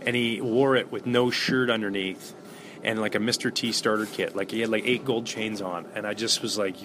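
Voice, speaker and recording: A middle-aged man, a former ballplayer, telling stories in a relaxed interview with lots of fillers and restarts. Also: on the low side, normal speed, noisy background. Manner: animated anecdotes with many fillers and restarts. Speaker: former baseball player, guest.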